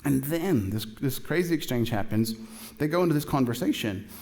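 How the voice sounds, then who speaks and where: Middle-aged male pastor, mid-pitched voice, casual storyteller who acts out the dialogue in his sermon. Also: normal speed. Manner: animated storytelling, acting out both sides of a dialogue; casual, chatty, with many fillers and asides.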